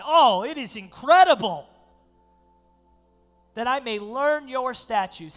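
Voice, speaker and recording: A male pastor delivers a sermon in a fairly high voice, reading verses and then riffing on them with animated, laughing asides. Faint music sits quietly behind him. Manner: animated, laughing asides, reads scripture aloud.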